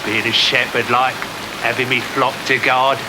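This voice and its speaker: An actor playing a lazy, dim British shepherd who offers slow, vague excuses. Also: male voice, mid-range voice, little pitch movement, lightly acted. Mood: idle. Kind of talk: sitcom acting. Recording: loud rain, outdoor noise.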